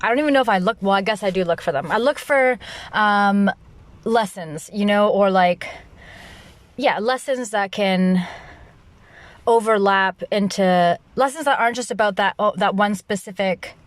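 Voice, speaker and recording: Young woman, podcast host, casual solo monologue, loud and animated, rambling, middle pitch. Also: moderate pace, dry recording. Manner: rambling, restarts often, laughs at herself.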